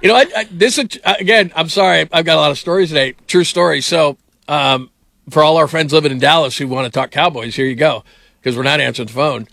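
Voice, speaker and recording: A middle-aged man hosting sports radio with a bright, forward voice. He rambles through his stories with lots of fillers, and the sound is dry and close. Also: on the high side, quick pace, vocal fry, no echo. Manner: rambling storyteller, many fillers. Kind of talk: casual sports radio talk.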